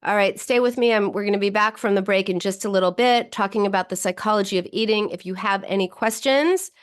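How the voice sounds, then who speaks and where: Animated woman psychologist hosting a talk show. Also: fast, clear, resonant tone. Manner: animated, jumps higher when voicing inner thoughts; loose, with frequent restarts and fillers. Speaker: psychologist and radio show host. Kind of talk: radio talk show and livestream chat.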